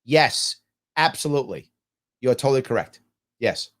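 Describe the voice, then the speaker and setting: A man's voice: medium pitch, moderate pace. A man hosting a live talk show, reading viewer comments aloud and answering them emphatically, often posing questions and answering them himself. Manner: animated, jokey asides. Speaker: political talk show host.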